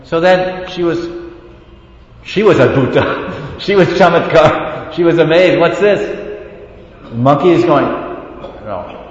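Man lecturing in an echoey hall. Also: measured pace. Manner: storytelling, switches between reading and animated retelling. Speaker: lecturer on scripture. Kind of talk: devotional class lecture. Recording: echoey hall, dull low-fi sound.

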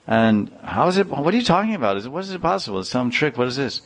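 A man voicing a brahmin scholar who exclaims in disbelief with a high, strained voice. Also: moderate pace, lightly acted. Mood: astonished. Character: astonished brahmin scholar husband.

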